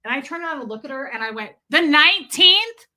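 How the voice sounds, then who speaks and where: A woman in her forties chats on her live stream in an animated, exasperated way. Her voice sits a bit high and sounds bright and forceful. She tells stories casually and keeps greeting her viewers. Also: rapid-fire.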